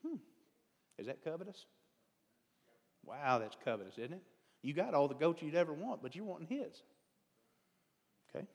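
A man's voice: a little high, big pitch swings, normal speed, long pauses, darkish tone. Folksy man preaching in an echoing hall. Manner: conversational, digressive, self-deprecating humor. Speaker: lay preacher. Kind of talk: folksy sermon. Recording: long hall reverb.

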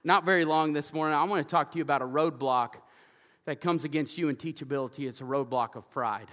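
A man delivers a sermon in a church, his voice high and bright as he tells stories with loud, animated energy. The sound carries a long hall reverb. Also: fast. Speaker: pastor. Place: church sanctuary.

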